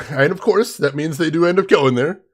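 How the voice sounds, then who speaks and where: A man's voice: fairly high pitch, moderate pace. A man hosting a casual game commentary, joking around like a playful showman with mock-grand announcements. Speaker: let's play host.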